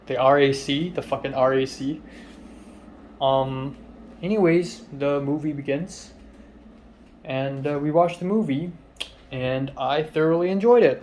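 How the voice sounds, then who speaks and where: A young man telling a personal story in a casual, rambling way, with lots of fillers, often trailing off quietly in a flat, low-key voice. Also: a little hiss or hum.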